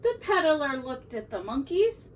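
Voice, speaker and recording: A woman teacher reading a picture book aloud to young children in an expressive, animated way. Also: high voice, unhurried, recorded from a distance, a little hiss or hum, rough recording. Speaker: preschool teacher.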